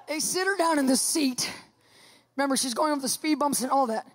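Animated woman telling a testimony. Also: high voice, fairly quick, slight background noise. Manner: animated, laughs often, acts out others' voices. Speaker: guest giving a testimony. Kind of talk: personal testimony storytelling.

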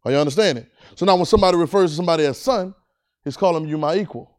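A man's voice: a little high, racing, darkish tone. Dynamic call-and-response preacher man. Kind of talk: sermon.

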